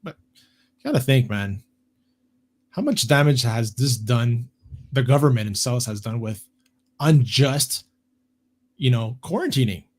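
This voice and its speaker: A man's voice: mid-range voice, a little slow, long pauses. A man co-hosting a podcast, chatting casually with frequent fillers and restarts. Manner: relaxed, hesitant with many fillers. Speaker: podcast co-host. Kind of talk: casual chat.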